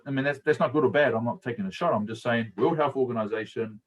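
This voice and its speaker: A man's voice: mid-range voice, fast, rough recording. New Zealand man telling stories casually. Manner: storytelling, laughs often, colloquial. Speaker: guest speaker and coach. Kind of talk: casual live-stream talk.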